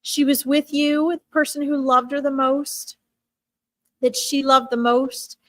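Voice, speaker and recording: On a live stream, a woman offers an emotional animal reading, speaking gently and frequently stopping to begin her sentences again. Her slightly high voice shows little pitch movement, and the audio is close and dry with no room echo.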